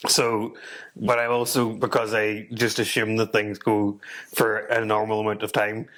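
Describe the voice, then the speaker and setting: A man's voice: on the low side, a little slow. An Irish man co-hosting a podcast, chatting casually and laughing often. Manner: laughs often, animated and giggly. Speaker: podcast co-host. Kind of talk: casual chat.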